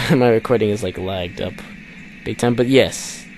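A man hosting a let's play, cursing and exasperated as he comments on his game, jumping between loud outbursts and low mutters. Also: measured pace, soft background music. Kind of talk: gameplay commentary.

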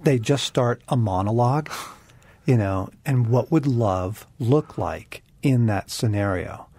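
A man's voice: mid-range voice, lively intonation, slow pace, warm tone, husky, no room sound. A man co-hosting a Christian talk show, speaking earnestly and reflectively and addressing the listeners as friends. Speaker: co-host.

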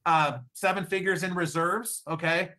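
A man giving an upbeat sales pitch to an audience, asking rhetorical questions. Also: fairly even intonation, moderate pace, pushed and bright. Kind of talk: sales presentation.

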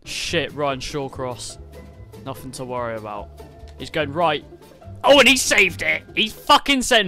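This is a man commentating a football video game as he plays. His voice is bright and fairly high and swings all over the place, with frequent swearing and shouted outbursts. Faint game music runs underneath. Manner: sweary, shouting bursts of excitement. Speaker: gaming YouTuber.

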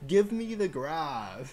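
A man's voice: a little high, very animated, extremely slow, a little mellow. A man commentating his own fighting-game match as he plays, exclaiming, chuckling and trash-talking his opponent. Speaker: gaming channel host. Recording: game music clearly behind voice. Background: game music.

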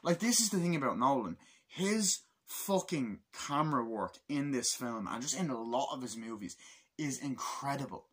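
Husky young guy ranting excitedly about a movie, swears a ton. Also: medium pitch, normal speed. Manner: excitable, swears a lot, acts out scenes. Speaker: movie reviewer. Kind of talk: casual film review.

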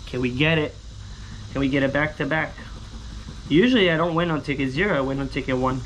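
A young man chatting through a scratch-off lottery vlog, repeating catchphrases and breaking into high excited yells. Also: fairly quick, slight background noise. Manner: bursts into high shouts and sing-song yells when winning; chatty, repeats catchphrases like "holy smokes" and "booyah". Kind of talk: casual excited vlog commentary.

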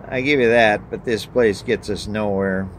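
Defiant prophet, blunt and sarcastic, lowish voice, a preacher reading the part. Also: male voice, steady tone, moderate pace, slight background noise, lightly acted. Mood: exasperated.

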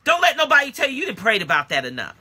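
Husky, lively woman preaching emphatically. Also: a little high, very fast. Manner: emphatic preaching with repeated exclamations; blunt and colloquial, speaks directly to listeners. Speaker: pastor and prophetic teacher. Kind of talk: live-streamed sermon.

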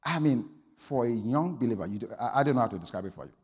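A pastor preaching a sermon, telling a story that swings from quiet asides to loud exclamations. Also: male voice, medium pitch, expressive, fast talker, slightly rough, long reverb tail.

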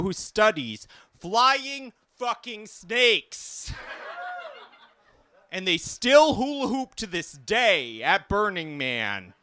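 A stand-up comedian with a high, clear, ringing voice, working an intimate cafe crowd. Delivery is unhurried, camp and self-deprecating, full of jokey asides. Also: male voice, bright, forceful tone, dry recording. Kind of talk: live stand-up set. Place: small cafe comedy stage.

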